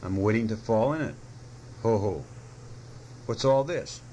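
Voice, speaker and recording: A man voicing a timid, anxious little male piglet who speaks quickly and squeakily in a storybook reading. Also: expressive, warm tone, slight background noise. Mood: nervous.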